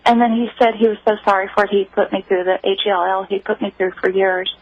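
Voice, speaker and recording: A woman's voice: mid-range voice, fairly even intonation, fast, dry recording. A woman guest on a radio call-in show, telling a personal story in an earnest, emotional way over a dull phone line. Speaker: interview guest.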